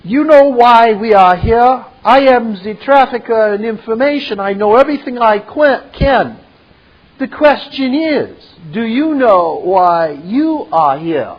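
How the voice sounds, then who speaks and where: A pompous, self-assured sophisticated villain, put on by a man retelling a film. He speaks in a raised, lofty pitch and pushes it out loudly, relishing each grand phrase. The sound is dull and lo-fi. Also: lively intonation, slow pace, exaggerated voice. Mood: smug.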